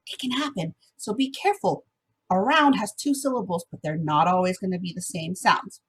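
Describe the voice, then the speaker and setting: A woman's voice: on the low side, normal speed, husky. A woman music teacher giving an encouraging online lesson to first graders, sometimes singing the song examples.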